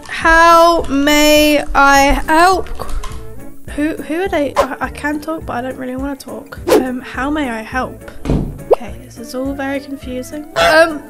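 A woman's voice: high-pitched, fairly even intonation, unhurried, fairly bright tone, faint music behind. A young woman giving casual gameplay commentary, chatty and rambling with a sarcastic streak. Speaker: gaming YouTuber.

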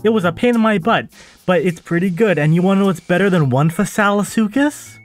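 A man's voice: high voice, brisk. A man hosting his own game channel, chatting casually to viewers as he plays and getting exasperated when things go wrong. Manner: chatty, easily exasperated, talks to the audience while playing. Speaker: gaming channel host. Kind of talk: casual let's-play commentary.

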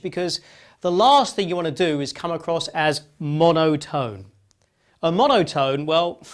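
A man teaches public speaking in a lesson style, his voice sitting a touch high for a man. He swings from fast, loud, punchy bursts to slow, drawn-out phrases that drop close to a whisper, with long pauses between them. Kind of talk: presentation lesson demonstrating vocal variety.

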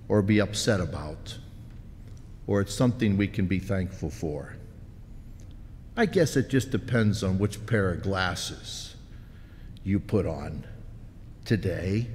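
A man's voice: on the low side, darkish tone, a little hiss or hum. A man pastor giving a sermon in a folksy storytelling manner, in a church sanctuary. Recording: long church reverb.

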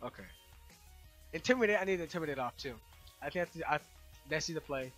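A young man with a high, wildly swooping voice rants and yells over his gaming session in casual slang. Faint game music plays under his commentary. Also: lively intonation, fast, long pauses. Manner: exasperated, loud outbursts, slangy. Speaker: let's play host.

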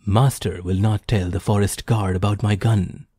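A man's voice: fairly low pitch, steady tone, moderate pace, dark tone, husky, dry recording, studio quality. A man voicing a humble, wily poacher who pleads earnestly with the hunter. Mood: anxious.

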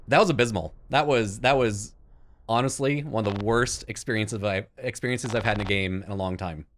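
A man commentating a video game playthrough, frustrated and swearing in loud outbursts. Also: on the low side, brisk. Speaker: gaming YouTuber. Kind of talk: let's play commentary.

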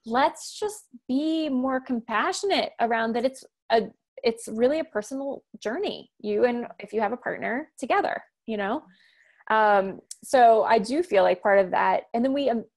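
A woman in her thirties, a communication coach talking as a podcast guest, loud, direct and fast-talking. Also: on the high side. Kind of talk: conversational podcast interview.

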